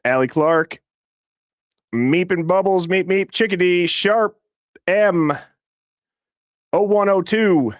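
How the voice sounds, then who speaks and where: A man hosting a live call-in stream, talking fast and casually as he reads out viewer names. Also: high-pitched, no room sound, studio quality. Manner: fast, casual, shouting out names in quick succession. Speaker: host of a live call-in show.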